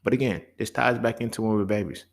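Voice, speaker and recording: A man's voice: on the low side, steady tone, quick pace, gravelly. A man in his thirties hosting a solo talk show, speaking in a loose, slangy, profane way and acting out back-and-forth dialogue. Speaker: podcast host. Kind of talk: casual monologue.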